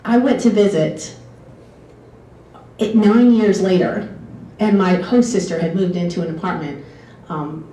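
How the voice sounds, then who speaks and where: Speaking in a lowish, dark-toned voice, a former exchange student tells personal stories unhurriedly, with long pauses. She's chatty, often laughs, and wanders onto tangents, and the echoey room, distant mic, and faint hiss are audible.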